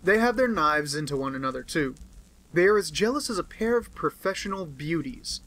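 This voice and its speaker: A man voicing an aloof, brusque male detective in an audiobook, speaking in a crisp, lecturing manner. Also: fairly high pitch, lively intonation, fairly quick, fairly bright tone, rough recording. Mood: offhand. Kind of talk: audiobook character reading.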